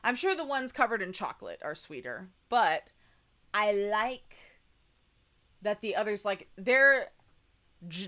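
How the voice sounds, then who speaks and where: Bright-voiced chatty young woman vlogger. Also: mid-range voice. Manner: chatty, rambling, filler-heavy. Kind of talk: casual travel vlog voice-over.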